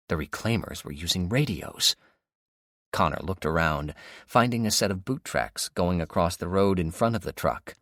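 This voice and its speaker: Reading scripted audiobook narration, a man keeps an even, steady storytelling tone in a low voice. He moves at a moderate pace. The sound is clean studio quality without any echo.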